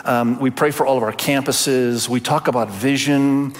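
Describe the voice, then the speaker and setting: A man's voice: medium pitch, fairly even intonation, normal speed. An older man preaching a sermon as pastor, earnest and emphatic, with rhetorical questions. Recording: long hall reverb.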